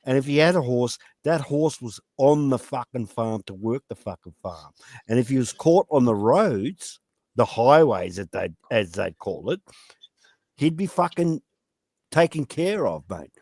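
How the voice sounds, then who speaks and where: Australian man, loud-mouthed panel regular, swings his pitch a lot, dry close sound. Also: animated, measured pace, dry recording. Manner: blunt and emphatic, heavy swearing, repeats his point. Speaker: panelist on a live stream. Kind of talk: casual chat.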